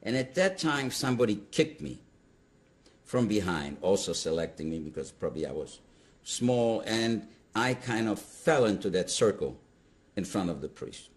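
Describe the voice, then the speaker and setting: An older man telling his story in an interview, animated and halting, with restarts mid-sentence. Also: lowish voice. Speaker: Holocaust survivor giving testimony. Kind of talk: interview testimony.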